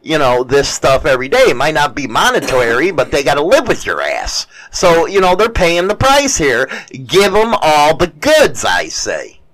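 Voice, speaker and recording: A man's voice: a little high, wildly swooping pitch, normal speed, few pauses, fairly bright tone, low-quality recording. A man bantering crudely and joking in a profane, casual chat.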